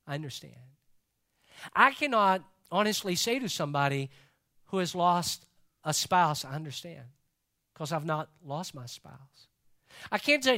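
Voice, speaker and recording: High-voiced earnest male preacher. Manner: earnest, repeats key phrases for emphasis; drops to a hushed voice when quoting others. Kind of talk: sermon.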